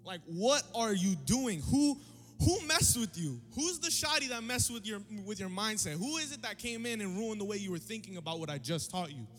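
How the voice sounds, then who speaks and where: A man voicing an exasperated male apostle who scolds his flock in loud, sarcastic slang. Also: fairly high pitch, big pitch swings, slow, hardly any pauses, big-room sound, faint music behind.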